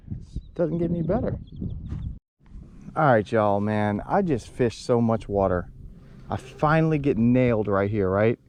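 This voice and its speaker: A man's voice: medium pitch, a little mellow, slight background noise. Frustrated man fishing outdoors. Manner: frustrated, rambling, talks to viewers while fishing. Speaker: fishing vlogger. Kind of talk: casual outdoor fishing vlog. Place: outdoors on a boat in a marsh.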